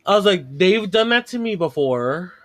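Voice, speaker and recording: A podcast host with a high, animated voice tells a long story at normal speed in casual chat. He swears freely, laughs, and acts out what people said.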